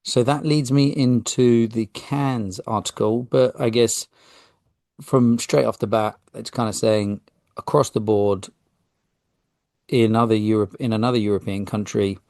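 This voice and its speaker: A British man hosts his podcast, reading film industry articles aloud and breaking off into casual asides. His voice sits low with a gravelly edge. The recording is dry and close, with no room sound. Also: a little mellow, no room sound. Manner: casual, self-deprecating, stumbles over names. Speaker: podcast host. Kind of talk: reading news articles with commentary.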